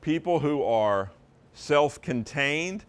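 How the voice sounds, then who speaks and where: A man's voice: a little high, animated, takes it slowly, smooth. A man giving a live seminar presentation to real estate agents, talking in an emphatic, conversational way and leaning on his intonation to drive points home.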